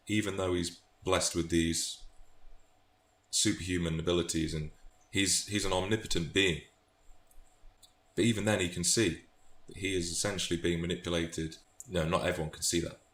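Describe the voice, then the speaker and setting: A man's voice: low voice, steady tone, moderate pace, a bit bright. A British man chatting about favourite book quotes in a thoughtful, casual way, often restarting phrases. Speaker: book vlogger. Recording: echoey room, faint noise.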